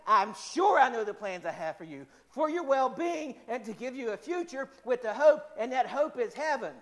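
A man preaching a sermon in an earnest, repetitive way, slowing down for emphasis. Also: very high voice, expressive, fairly bright tone.

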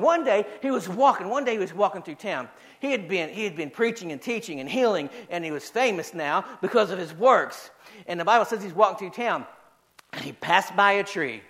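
A man preaching a sermon to a church congregation, animated and building to rallying calls, then dropping to quieter reflection. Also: sits high. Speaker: pastor. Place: church service.

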